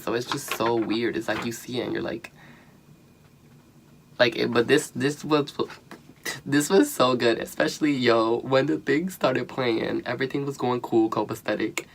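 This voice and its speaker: A young man giving a casual spoken review of a show, animated and profane, full of slang and bursts of laughter. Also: mid-range voice, a little hiss or hum. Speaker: vlogger reviewing a reality show.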